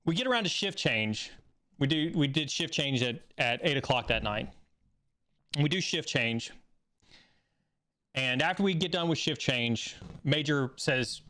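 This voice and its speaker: A man hosting a live stream, telling a story in a casual, animated way that rises excitedly when he acts out a scene. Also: mid-range voice, normal speed. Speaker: stream host.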